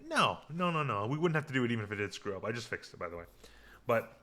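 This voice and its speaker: A man's voice: medium pitch, very animated, quick pace, bright, forceful tone. A man hosting a podcast, casually recapping a TV episode in a rambling way, full of fillers and restarts. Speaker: podcast host.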